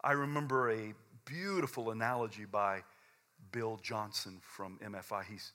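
At a moderate pace, a middle-aged man preaches a sermon as pastor, sounding intense yet conversational. His delivery swings between fervent, loud high points and quiet, low asides, with stammered restarts.

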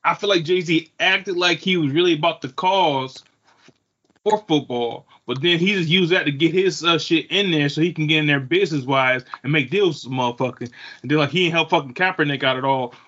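A man co-hosting a podcast in casual chat, profane and opinionated, with quick asides. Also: a little high, fairly bright tone. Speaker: podcast co-host. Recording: muffled lo-fi podcast audio.

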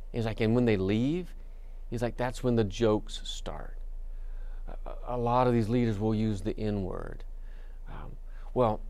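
A man's voice: on the low side, a little mellow. A male pastor giving a sermon, telling a story in a conversational way with many fillers and restarts.

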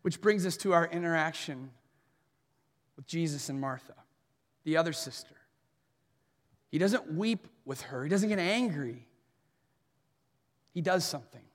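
A man in his thirties preaching an earnest sermon as pastor, swinging between soft and forceful delivery. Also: on the high side, expressive, measured pace, long pauses. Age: 30s. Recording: long hall reverb.

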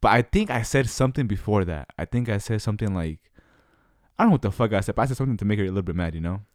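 A man's voice: on the low side, lively intonation, very fast, darkish tone, dry recording, clean studio sound. A young man rambling through a slangy, casual story and acting out the voices of the people in it. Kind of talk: casual chat. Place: Utah.

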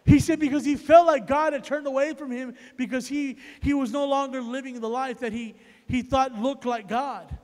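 A man preaches a storytelling sermon in an unusually high voice, pressing each point over and over and building to loud peaks. The sound rings with the long reverb of a large hall. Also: fairly even intonation, moderate pace, few pauses. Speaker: evangelist preacher.

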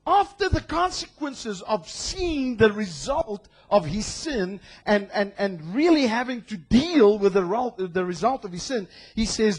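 A man from South Africa preaching a sermon, reading scripture slowly and shifting between quiet asides and loud, passionate proclamations. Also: high voice, sing-song, breathy edge. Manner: draws out scripture quotes slowly. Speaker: pastor.

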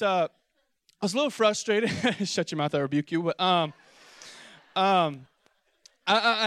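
A young man preaching a sermon to his church, telling a comic story with playful, animated delivery and high excited voices when he quotes himself. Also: clear, resonant tone, dry recording, clean studio sound. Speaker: pastor. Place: church auditorium with congregation.

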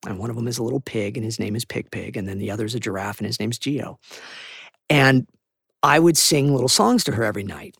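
Man, gravelly husky voice, enthusiastic voice actor, rambling interview talk, dry close sound. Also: mid-range voice, fast, a bit bright, no echo. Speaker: voice actor guest. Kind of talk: podcast interview.

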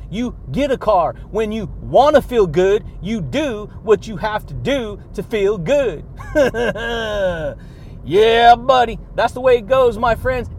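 A man hosting a motivational podcast, talking in an energetic, playful way with punchy catchphrases, rhetorical questions and frequent laughs. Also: high voice, a little hiss or hum. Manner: hyped and playful, laughs often between lines.

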